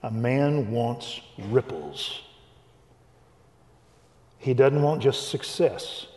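A man's voice: medium pitch, drawn-out words. Older man preaching in a hall. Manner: animated storyteller, acts out dialogue. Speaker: Christian speaker. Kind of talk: preaching testimony. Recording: reverberant hall.

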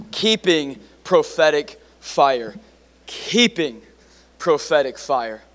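A middle-aged man preaches with excitable energy, tossing in casual fillers as he speaks. His voice sits a little high for a man. It rings out through a large hall with a long reverb tail. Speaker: pastor. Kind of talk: sermon.

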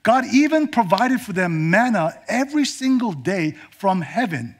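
A male preacher giving a sermon, dramatic and swinging from emphatic declarations to hushed whispers. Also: high voice, big pitch swings, moderate pace, few pauses.

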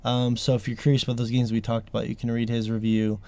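A man's voice: mid-range voice, flat delivery, quick pace, warm tone, no echo. A man hosting a podcast in casual chat, talking emphatically and grumbling with frustration. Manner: emphatic, exasperated, sweary. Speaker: podcast host.

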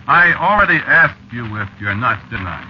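Man doing a jittery street-talking cabbie, pitch jumps all over, dull old radio sound w/ faint hiss. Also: normal speed, natural voice. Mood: jumpy. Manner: folksy slang, jumpy and excitable. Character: nervous working-class male cab driver. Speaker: narrator and lead. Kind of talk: 1940s radio drama acting.

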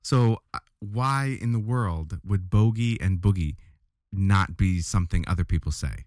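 A man's voice: low-pitched, unhurried, a little mellow, no room sound, studio quality. A man in his thirties, co-hosting a podcast in casual banter, playfully argumentative and mock indignant. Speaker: podcast co-host.

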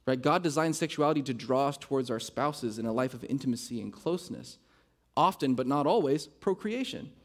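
A man's voice: medium pitch, expressive, a little fast. A male pastor preaching a sermon, earnest and driving home his points with repeated rhetorical questions.

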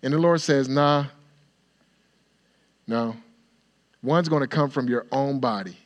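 A man preaching a sermon, acting out the dialogue of the story in an expressive way and sometimes dropping to a soft, near-whispered voice. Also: mid-range voice, slow, lo-fi sound. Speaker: pastor.

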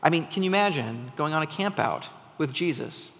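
A man's voice: on the high side, expressive, moderate pace, a bit bright, big-room sound. A man preaching a sermon to his congregation in a conversational, storytelling way, often restarting his sentences. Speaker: pastor. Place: church sanctuary.

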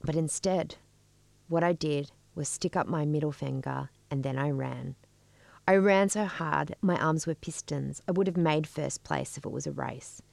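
A middle-aged woman telling a personal story in a measured, wry way. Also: low-pitched, vocal fry, darkish tone, dry recording. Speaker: storyteller and podcast co-host.

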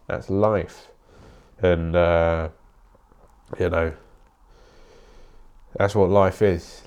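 A man's voice: sits low, mellow. A young man hosting a podcast, rambling bluntly in a casual solo monologue and swearing often. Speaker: podcast host.

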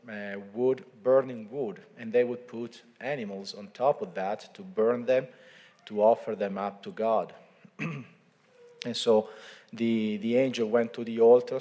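A priest with a fairly low voice gives a homily, walking through scripture as if telling a story to friends. His words ring out with the long reverb of a large church. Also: warm tone. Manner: informal storytelling, retelling scripture conversationally.

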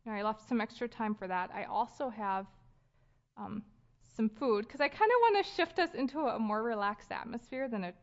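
A woman in her thirties giving a casual sermon at a church gathering, talking conversationally with fillers and light laughs. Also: fairly high pitch. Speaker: speaker leading a church gathering. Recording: dull lo-fi sound.

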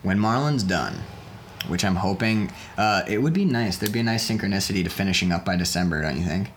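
A man's voice: low-pitched, brisk, slight background noise. A man chatting casually about his indie film, joking around, rambling and laughing often. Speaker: indie filmmaker. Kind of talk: casual chat.

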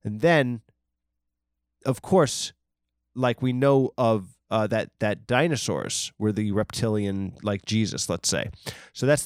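A man riffs on a podcast in a rambling, mock-serious way, spinning absurd tangents. His voice sits at an everyday middle pitch. The sound is dry and close, with no room around it. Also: dry recording. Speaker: podcast host. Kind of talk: rambling comedic monologue.

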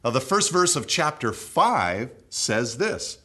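Delivering a sermon at a slow pace, a very animated male preacher of ordinary pitch swings between raised, emphatic key phrases and quiet, low sentence endings. His earnest delivery progresses steadily from reading aloud to explaining.

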